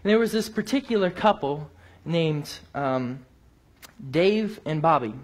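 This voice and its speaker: Man, sermon, personal story, emphatic rises then hushed drops, fairly high voice. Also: lively intonation, a little slow. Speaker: preacher.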